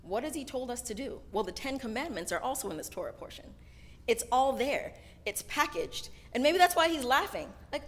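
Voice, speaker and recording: A woman's voice: on the high side, sing-song, moderate pace. A woman giving a casual storytelling sermon at a synagogue service, chatty and keeps adding "right?" as she talks. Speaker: sermon speaker.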